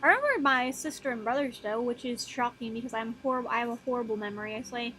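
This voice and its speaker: A young woman streaming while she draws, rambling softly and casually, swearing now and then and talking to her drawn characters. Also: quick pace, slight background noise, rough recording. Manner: soft, low-key, mumbling, with casual swearing.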